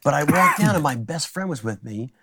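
A man who is a guest comedian, telling animated stories in a casual chat. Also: on the high side, fairly quick, very noisy. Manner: animated storytelling.

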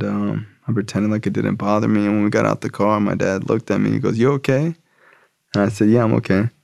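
A man's voice: fairly low pitch, vocal fry, darkish tone, no room sound, studio quality. A young man casually telling a personal recovery story, swearing and using slang. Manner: casual and profane, street slang. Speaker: speaker sharing his recovery story.

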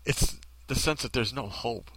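A man's voice: medium pitch, unhurried, pushed and bright, no echo. A man delivering a bitter, sarcastic ranting monologue full of rhetorical questions.

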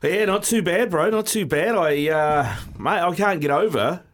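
Laid-back New radio regular. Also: male voice, on the high side, animated, moderate pace. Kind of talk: casual radio chat.

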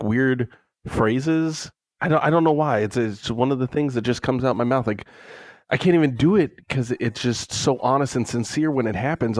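A man's voice: mid-range voice, no room sound. Host: man with an everyday mid voice, joking and self-deprecating, dry studio sound. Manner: playful, self-mocking storyteller. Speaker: podcast host. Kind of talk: casual sports chat.

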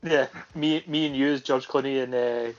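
A man with a Glasgow Scottish accent co-hosting a podcast, a bit tipsy, talking quickly and excitably and stumbling over his words. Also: mid-range voice. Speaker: podcast co-host. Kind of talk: casual chat. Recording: muffled lo-fi podcast audio.

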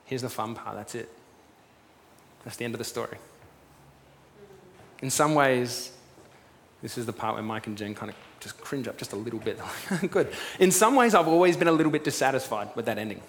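A man preaching a sermon, retelling a story in a lively way and acting out what its figures say. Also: mid-range voice, normal speed, pauses often. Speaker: pastor. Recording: long reverb with faint room noise.

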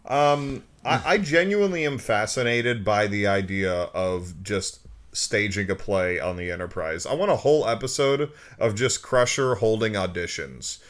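A man's voice: on the low side, lively intonation, moderate pace. A man in casual chat, asking curious questions and joking along. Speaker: podcast co-host.

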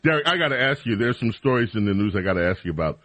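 Man, radio host, husky, lively pitch, dry studio sound, teasing. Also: very fast, no room sound. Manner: animated, opinionated and teasing. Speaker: radio talk show host. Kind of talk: casual talk radio chat.

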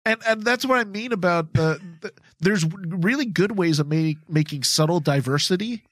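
Male podcast co-host, high lively voice, excitable, dry mic. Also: dry recording. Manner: excitable, animated, quick to agree and laugh along. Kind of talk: casual podcast discussion.

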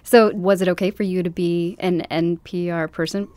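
A woman's voice: lowish voice, fairly even intonation, normal speed, a little mellow, no echo. A woman hosting a casual conversation, asking her guest probing questions. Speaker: interviewer, podcast host.

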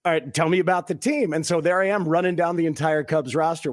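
A man's voice: sits high, a little fast, hardly any pauses, no room sound, studio quality. A man hosting a casual chat, earnest, acting out the people he quotes as he tells stories. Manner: earnest, acts out quotes with shifts in voice.

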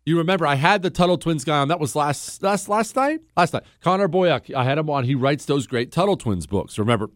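A man's voice: on the high side, no echo. Emphatic male talk radio host, dry studio sound. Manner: emphatic, conversational, opinionated. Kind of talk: call-in talk radio monologue.

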